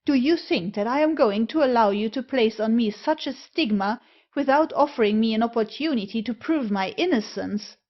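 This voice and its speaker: A woman reading the part of a proud, respectable gentleman protesting indignantly against an accusation. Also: mid-range voice, slow pace, natural voice. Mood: outraged. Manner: outraged, stammering protest. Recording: dull lo-fi recording.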